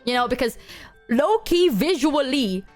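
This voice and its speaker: A young woman streamer telling stories to her chat in a casual, animated way, acting out exchanges with bursts of Japanese. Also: high voice, unhurried, faint music behind. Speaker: VTuber streamer.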